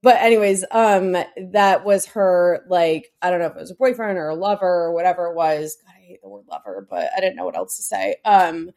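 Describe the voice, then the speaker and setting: A woman's voice: lowish voice, brisk, gravelly, few pauses, darkish tone. A woman, co-hosting a casual TV recap podcast, chatty and swearing freely, with lots of "like" and "um". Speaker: podcast co-host.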